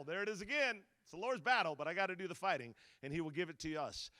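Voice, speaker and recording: A man's voice: sits high, quick pace, few pauses, dry recording. A middle-aged man preaching a sermon as a guest speaker, telling stories and acting out the voices in them. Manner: storytelling, animated, acts out quotes.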